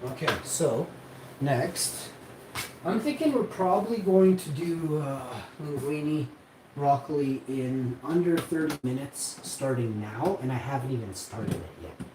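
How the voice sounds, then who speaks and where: A man's voice: a little high, expressive, unhurried, recorded from a distance. A Canadian man rambling and complaining while he cooks in his home kitchen, talking casually to viewers. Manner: rambling, complaining, self-assured. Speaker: streamer. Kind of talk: casual kitchen vlog talk. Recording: echoey room, voice off-mic, background noise.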